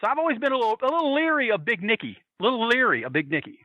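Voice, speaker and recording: A man spins profane stories in a bright, lively voice that swings up and down. He laughs as he talks. The sound is dry and close. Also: extremely high pitch, very fast, no room sound, lo-fi sound. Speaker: podcast guest. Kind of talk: casual storytelling.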